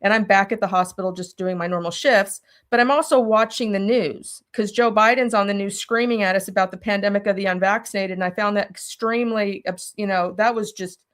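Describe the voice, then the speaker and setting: A woman telling a personal story as an interview guest, animated and speaking directly to her listeners. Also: mid-range voice, a little fast, few pauses. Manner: animated, talks straight to listeners.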